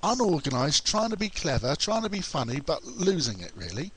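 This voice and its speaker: A man's voice: fairly high pitch, sing-song, brisk, background noise. A man hosting an internet radio show, chatting casually, swearing and mimicking other people. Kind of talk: casual on-air banter. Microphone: studio mic, co-host over a call.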